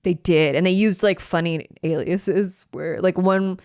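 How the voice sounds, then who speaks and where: A woman's voice: on the low side, measured pace, no room sound, studio quality. A woman, hosting a casual podcast chat and telling stories with lots of fillers. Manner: animated storyteller, chatty with fillers. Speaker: podcast host. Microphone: studio microphone.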